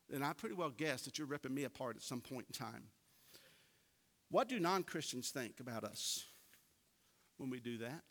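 Bright-voiced preacher in a hall. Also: male voice, medium pitch. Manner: folksy storytelling preacher, rising to emphatic peaks. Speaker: pastor. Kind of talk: sermon. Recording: long hall reverb.

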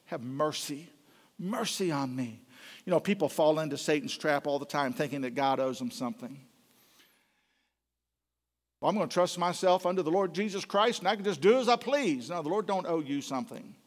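A man preaching a sermon with impassioned delivery, swinging between loud pleading and low, hushed tones. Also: lively intonation, moderate pace. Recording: long hall reverb.

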